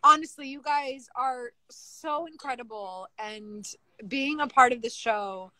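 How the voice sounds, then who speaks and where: A woman's voice: on the high side, a little slow, dry recording. A woman chatting as a guest on a casual live stream, gushing with praise. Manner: effusive and warm in praise. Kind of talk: casual chat.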